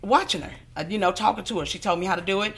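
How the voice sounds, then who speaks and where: A woman who works as a hairstylist, telling an animated story in an interview and acting out the voices of the people in it. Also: medium pitch, rapid-fire. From Southern California. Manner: animated storyteller, acts out quoted voices, laughs often.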